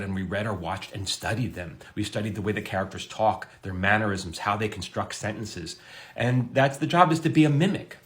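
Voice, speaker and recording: A middle-aged man, a TV comedy writer, answering a viewer's question in a casual, lively way, with his pitch jumping up for emphasis. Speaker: TV comedy writer giving advice.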